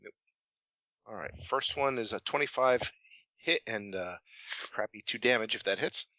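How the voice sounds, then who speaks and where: Player, man, bright voice, matter-of-fact dice calls, dry dull mic. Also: fairly low pitch, normal speed, no echo. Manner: matter-of-fact, calling out rolls. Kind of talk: casual banter at a tabletop game.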